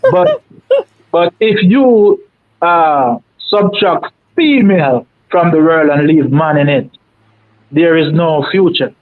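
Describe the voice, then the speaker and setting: A man's voice: a little high, lively intonation, takes it slowly, no echo. A man with a Jamaican accent calling in, telling a rambling, emphatic story in a folksy way. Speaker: caller. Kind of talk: casual storytelling on a live call. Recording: tinny dry phone line.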